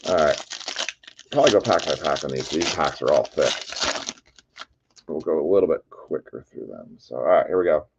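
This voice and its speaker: A man hosting a live card break, chatty and excitable, calling out player names and shouting over big pulls. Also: a bass voice, normal speed, gravelly, pauses often, lo-fi sound, background noise.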